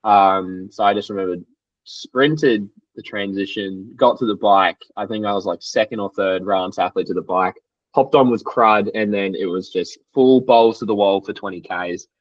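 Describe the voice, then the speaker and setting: A young Australian man, an athlete guest, telling race stories in an animated, slangy way and acting out what others said. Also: lowish voice, moderate pace, no room sound. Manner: animated, acts out quotes, loose and slangy. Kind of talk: casual storytelling interview. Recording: dry, slightly dull podcast audio.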